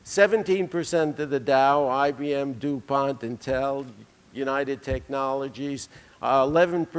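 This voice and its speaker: A man delivering a conference keynote, telling anecdotes with dry humor. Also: medium pitch. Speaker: keynote speaker. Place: conference hall. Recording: reverberant lecture hall.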